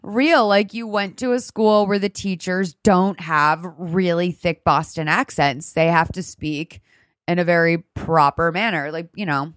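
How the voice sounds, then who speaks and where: A woman's voice: fairly low pitch, steady tone, a little slow, smooth, no echo, studio quality. A woman from Massachusetts hosting a radio show, chatting casually in an outspoken, rambling way with many restarts. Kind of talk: casual chat.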